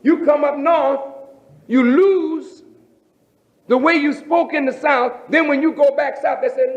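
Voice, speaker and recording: A man preaching as a minister, emphatic, with rhetorical questions and drawn-out phrasing. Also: very high-pitched, steady tone. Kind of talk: sermon. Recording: roomy, dull lo-fi recording.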